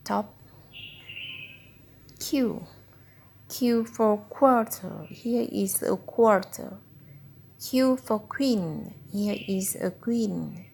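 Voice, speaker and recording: A woman reads a children's phonics lesson aloud at a very slow, careful pace, sounding out each word. Her voice has a gravelly, creaky edge. She paces it like a patient tutor working through the book with a child. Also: mid-range voice, a little mellow, slight background noise. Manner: slow, deliberate word-by-word reading. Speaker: reading tutor.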